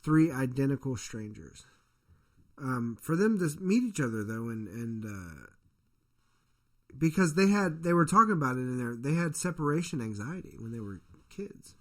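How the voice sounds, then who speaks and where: A man's voice: medium pitch, very animated, normal speed, fairly bright tone. A man who is a father, co-hosting a casual podcast, telling a story in a rambling, profane way and acting out the people in it. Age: adult parent. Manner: profane, rambling storyteller, acts out quoted voices. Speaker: podcast co-host.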